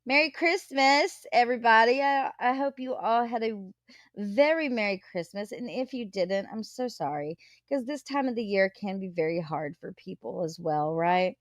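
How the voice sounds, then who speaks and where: A woman's voice: fairly high pitch, animated, moderate pace, dry recording, studio quality. A woman hosting a casual live chat, gossiping, greeting viewers and swearing freely. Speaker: livestream host.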